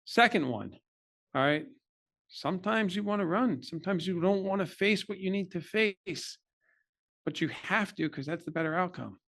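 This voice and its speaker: A man's voice: high-pitched, animated, moderate pace, vocal fry, fairly bright tone. A middle-aged man, a podcast guest, earnestly telling an emotional personal story in a candid interview.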